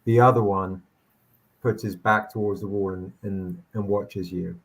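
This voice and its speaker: A man's voice: low voice, fairly even intonation. A man narrating as game master in a tabletop game, rambling with frequent restarts. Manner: rambling, halting, many restarts.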